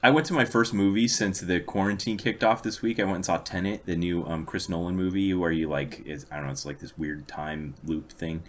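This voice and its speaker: Man, podcast co-host, deep voice, dry storyteller. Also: a little fast, few pauses. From United States. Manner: long anecdotes told with dry amusement. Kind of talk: casual chat, storytelling.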